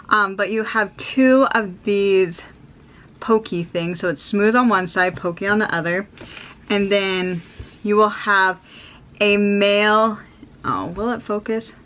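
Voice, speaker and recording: A sewing vlogger, an American woman in her thirties, walks through a sewing project in a casual, upbeat chat heavy on ums and likes. She speaks at medium pitch with a slightly bright tone over a little hiss or hum.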